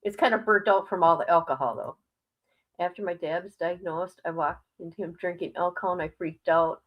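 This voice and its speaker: A woman's voice: on the low side, fairly quick, dull audio. A middle-aged woman hosting a casual livestream, talking bluntly and frankly to her viewers and laughing often between remarks. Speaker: livestream host.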